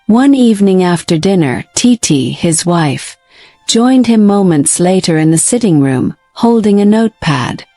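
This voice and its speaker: A woman narrating a folktale with a steady, plain reading. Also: mid-range voice, unhurried, no echo, soft background music. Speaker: storyteller. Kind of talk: storybook narration.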